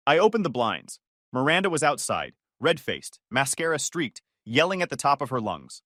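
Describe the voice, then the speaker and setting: A man reading a first-person story with dramatic delivery. His pitch moves up and down a lot, and the sound is dry and close. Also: sing-song, normal speed, a bit bright, no echo. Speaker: narrator.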